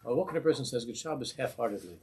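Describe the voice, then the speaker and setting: A man giving an informal Torah class as a rabbi, lively and humorous, laughing at his own examples and mixing in Hebrew and Yiddish terms. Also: medium pitch, rapid-fire, breathy edge. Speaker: rabbi teaching a weekly class.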